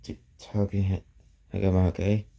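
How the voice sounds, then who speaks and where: A man's voice: low-pitched, little pitch movement, moderate pace, creaky, dark tone. A man doing a shy hesitant teen girl. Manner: hesitant, unsure. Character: shy timid teenage girl.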